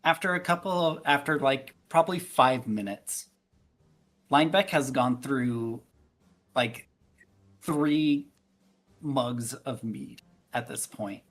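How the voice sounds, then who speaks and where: Very low-voiced woman game master. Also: takes it slowly, long pauses. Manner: relaxed, laughs often, many fillers. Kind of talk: narrating a tabletop game.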